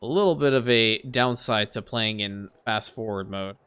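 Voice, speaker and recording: A gameplay commentator narrates his strategy game let's-play style in a bright, ringing voice that sits on the low side, with a clean tone. He mutters as he plays at normal speed with hardly any pauses, talks straight to the game, and now and then erupts into loud, exasperated rants.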